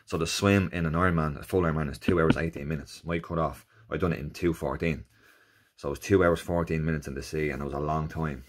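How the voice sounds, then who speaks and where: A man with an Irish accent casually recounting his first endurance race, animated and jokey, acting out the people he met. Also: a bass voice, fast talker, slight background noise. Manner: animated, jokey, acts out quoted exchanges in raised voices. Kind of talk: casual storytelling.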